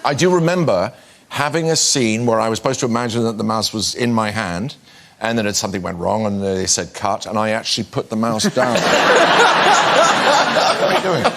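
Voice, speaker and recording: A male actor appearing as a talk show guest, answering in dry, deadpan understatement. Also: on the low side, a little fast, background noise.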